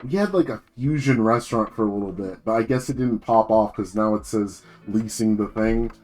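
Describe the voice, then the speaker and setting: A man's voice: lowish voice, fairly quick, a little mellow, faint music behind. A young man from New Jersey chatting casually on a live stream, rambling, swearing and full of slang.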